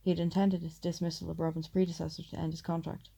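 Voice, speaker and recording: A woman reads an audiobook at a measured, steady pace. Her voice is very dark and gravelly, and she sits low with a flat, even delivery. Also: dull audio. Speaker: audiobook narrator. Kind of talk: audiobook narration.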